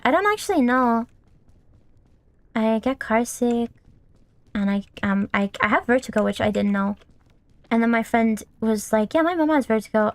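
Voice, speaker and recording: A woman's voice: on the high side, dry recording. A young woman streamer giving casual gameplay commentary, swearing often and scolding the game character.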